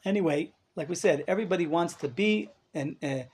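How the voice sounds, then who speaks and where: A man's voice: a little high, fairly quick, a little mellow, slightly rough. A man rabbi giving a live lecture to a class, emphatic and full of rhetorical questions, dropping in Hebrew terms. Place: study hall class with listeners.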